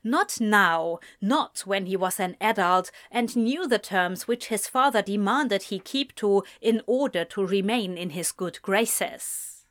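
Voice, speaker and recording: A woman narrating a romance story in a measured audiobook reading. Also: medium pitch, a bit bright.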